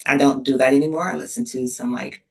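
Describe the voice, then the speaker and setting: Middle-aged woman, university dean, interview guest; earnest and emotional, gravelly voice, recorded off-mic. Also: a bass voice, steady tone. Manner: earnest, emotional, many pauses and restarts. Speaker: associate dean of students, podcast guest. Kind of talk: casual interview conversation. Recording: distant mic.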